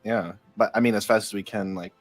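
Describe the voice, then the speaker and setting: A man's voice: on the low side, fairly even intonation, brisk, loud music behind the voice. A man playing a tabletop game, talking casually and swearing now and then. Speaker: player. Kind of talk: casual play talk.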